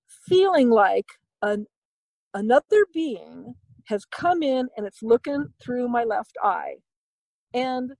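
High-voiced woman telling her story. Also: a little mellow, dry recording, rough recording. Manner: rambling, hesitant, with many fillers and restarts; candid, self-deprecating. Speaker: author and interview guest. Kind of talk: personal storytelling in an interview.

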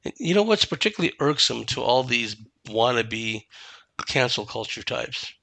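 A man's voice: mid-range voice, sing-song, normal speed, creaky, bright, forceful tone, no room sound. A man giving a solo commentary monologue, emphatic and dismissive, asking rhetorical questions.

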